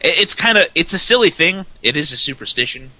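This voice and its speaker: A man's voice: a little high, very animated, a little fast, pushed and bright, dry recording, rough recording. A man co-hosting a casual gaming podcast, talking at length with lots of "like". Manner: talkative, many "like" fillers. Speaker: podcast co-host. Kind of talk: casual chat.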